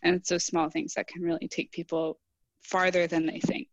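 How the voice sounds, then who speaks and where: A young woman engineer speaks as a podcast guest in a somewhat low voice. She answers earnestly and thoughtfully, acting out bits of past conversations. The sound is close and dry. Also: level tone, normal speed, no echo. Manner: earnest, reflective, quotes herself in dialogue. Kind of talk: casual interview answers.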